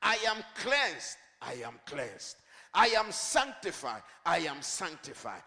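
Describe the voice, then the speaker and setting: A male pastor preaching a sermon and leading the congregation in call-and-response, building up to shouted declarations. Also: a little high, very animated, slow pace, creaky. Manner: leads the congregation in repeating lines. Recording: long reverb of a large hall.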